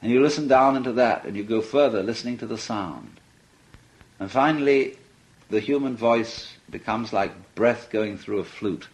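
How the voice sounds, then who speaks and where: A man's voice: medium pitch, normal speed, poor audio. An older man giving a conversational philosophical lecture, amused and often breaking into laughter.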